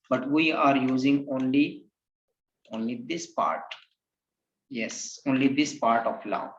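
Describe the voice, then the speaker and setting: Male Quran tutor, slow, patient drill style; lo-fi echoey recording. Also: medium pitch, fairly bright tone. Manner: patient, repeats letter names for the learner to echo. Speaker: Quran reading teacher. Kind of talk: slow recorded lesson with call-and-repeat drills. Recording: roomy, dull lo-fi sound.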